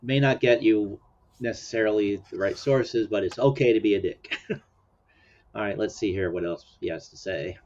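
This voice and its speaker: A man's voice: lowish voice, normal speed, darkish tone. A man hosting a casual commentary chat, chuckling often and meandering with fillers. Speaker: host. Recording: dull lo-fi sound.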